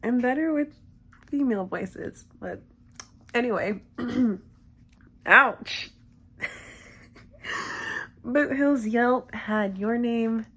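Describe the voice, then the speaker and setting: A woman's voice: a little high, drawn-out words, pauses often. A woman creator chatting casually with viewers and reading fanfiction aloud, giggly and self-conscious, with lots of asides.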